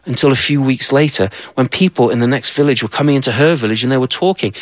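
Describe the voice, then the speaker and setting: Male storyteller for a told folktale, chatty asides, even mid voice, dry sound. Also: medium pitch, quick pace, hardly any pauses, no room sound. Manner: conversational, asides to the listener.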